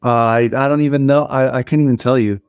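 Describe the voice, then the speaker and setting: A man's voice: mid-range voice, steady tone, quick pace, a little mellow, clean tone, no echo. A man chatting casually as a podcast co-host, hedging a lot and restarting his sentences.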